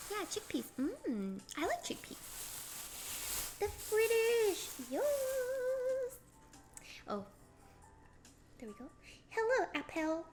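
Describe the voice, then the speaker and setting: Bubbly high-voiced woman chatting while cooking. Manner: bubbly, giggly, talks to chat while cooking. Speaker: cooking streamer. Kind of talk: casual cooking stream chat.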